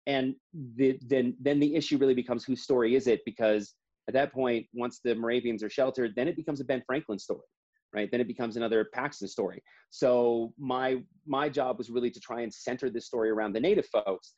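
A talkative man recounting how a line was written, restarting sentences often. His pitch sits in an ordinary middle range. The audio is somewhat dull and lo-fi. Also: fairly even intonation, fairly quick, a little mellow. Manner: chatty, many restarts and acted-out quotes. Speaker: comic book co-author. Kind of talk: casual interview conversation.

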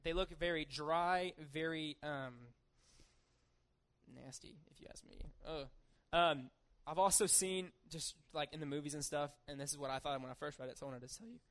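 A man's voice: on the high side, normal speed, fairly bright tone. A young man giving a casual sermon, reading scripture and retelling the story in an informal, chatty way. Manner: informal and chatty, acting out the story in everyday voices.

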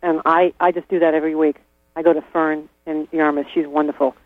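A man's voice: fairly high pitch, flat delivery, brisk, dry recording. A man talking casually as an interview guest, chatty, laughing often and restarting his sentences. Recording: tinny phone-like line with mains hum.

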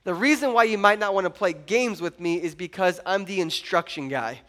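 High-voiced animated male preacher. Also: moderate pace. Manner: animated, joking, rising to loud emphasis. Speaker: pastor. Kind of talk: sermon.

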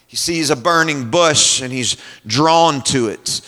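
Bright-voiced preacher telling a vivid story. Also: male voice, a little high. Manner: imaginative, descriptive, unhurried. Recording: long hall reverb.

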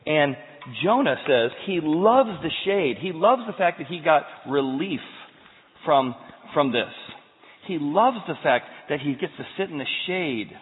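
A male pastor preaching a sermon, telling the story in an animated way and moving between loud and quiet passages. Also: fairly high pitch, a little slow. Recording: tinny sound, long hall reverb.

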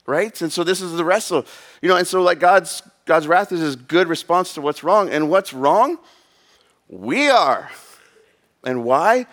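A man's voice: a little high, animated, a little slow, fairly bright tone. A man in his thirties preaching a sermon in a casual, rambling way, full of fillers and asides. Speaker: pastor.

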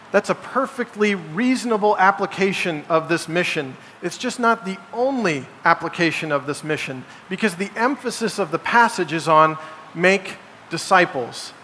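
A male pastor with a high, forceful voice preaches to his congregation, stressing his points and asking rhetorical questions. The sound carries the long reverb of a large church sanctuary. A faint hum of background noise sits under it. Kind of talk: sermon.

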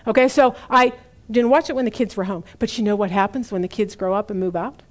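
A middle-aged woman preaching a sermon in an earnest way, slowing down to stress key points and asking the listeners direct questions. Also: mid-range voice.

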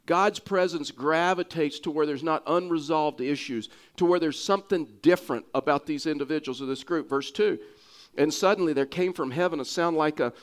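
Texas preacher with a raised pitch. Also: male voice, normal speed. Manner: earnest, repeats and restarts words for emphasis. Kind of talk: sermon.

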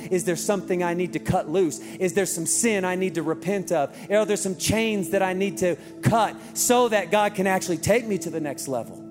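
A man preaching a sermon as pastor in a church, telling stories and asking rhetorical questions. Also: fairly high pitch. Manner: storytelling, rhetorical questions, lively delivery. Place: church auditorium. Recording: reverberant hall with music behind.

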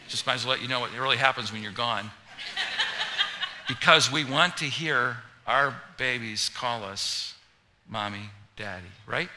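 A man preaching a sermon, chatty and joking, then building to loud, emphatic preaching. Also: medium pitch. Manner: conversational, humorous, rising to loud emphatic preaching. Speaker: pastor.

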